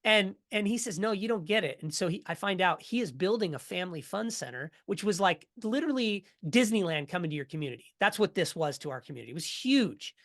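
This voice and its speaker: Energetic man telling a story. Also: sits high, quick pace, few pauses. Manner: energetic, animated storyteller who acts out quotes. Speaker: podcast guest. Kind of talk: storytelling in a casual interview.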